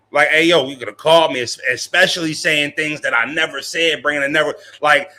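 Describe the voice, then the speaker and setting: A man's voice: fairly high pitch, bright, forceful tone. A young man live-streaming, chatting casually with his viewers in slangy, profane talk and laughing often.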